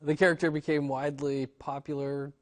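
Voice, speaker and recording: Male host, kinda higher voice, slow careful questions with lots of uhs. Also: flat delivery. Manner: measured, with many hesitations. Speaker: interview host. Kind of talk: interview questions.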